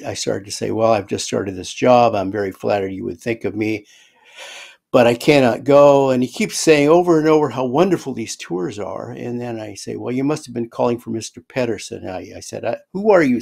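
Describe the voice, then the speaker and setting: Gravelly older man telling a story. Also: medium pitch. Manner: animated retelling, acts out quoted voices. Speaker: guest storyteller. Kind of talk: casual spoken storytelling.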